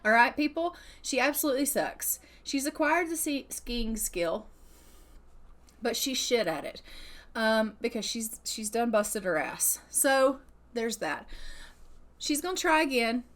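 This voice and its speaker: A woman's voice: on the high side, animated, unhurried, a bit bright. A young adult woman giving casual gameplay commentary, chatty and swearing freely while voicing her character. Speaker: gaming YouTuber narrating her Sims play.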